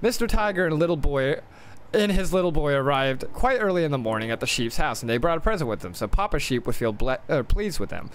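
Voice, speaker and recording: A man's voice: on the high side, lively intonation, quick pace, a little hiss or hum. A man reading a storybook aloud on a live game stream, swearing and joking between stumbling lines. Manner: profane, joking asides, stumbles and restarts. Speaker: gaming streamer.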